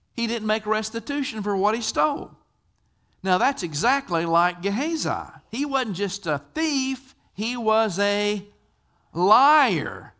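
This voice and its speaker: Older man, sermon, high pitched, animated, bright voice, chatty storytelling. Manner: conversational storyteller, asks the audience questions. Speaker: pastor.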